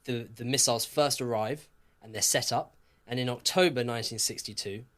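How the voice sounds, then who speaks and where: Male podcast co-host; casual, animated history storyteller who jokes and swears. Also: mid-range voice. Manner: lively, jokey, swears, laughs often.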